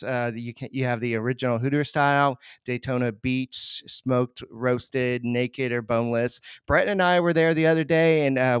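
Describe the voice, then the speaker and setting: Man with a very smooth, dry voice. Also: mid-range voice, fairly bright tone, no room sound. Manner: loose, many fillers and restarts. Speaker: podcast co-host. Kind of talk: casual sports podcast talk.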